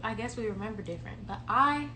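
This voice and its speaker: A young woman in her twenties chatting on a livestream, telling a childhood story in an animated, playful way. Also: a little high, quick pace. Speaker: livestream co-host. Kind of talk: casual chat, storytelling. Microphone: phone livestream. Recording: echoey room with clear background hum.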